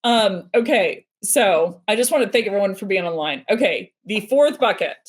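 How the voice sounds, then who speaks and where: A woman in her thirties hosting a live stream, casual and animated, acting out little quoted exchanges as she explains. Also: medium pitch, normal speed. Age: 30s. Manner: animated, nerdy, acts out quoted dialogue.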